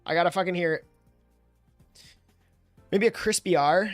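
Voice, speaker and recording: Guy streaming and rambling, swears a lot, laughs, voice a bit high, faint music behind. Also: moderate pace, pauses often, no echo. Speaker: livestreamer. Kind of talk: casual stream chat.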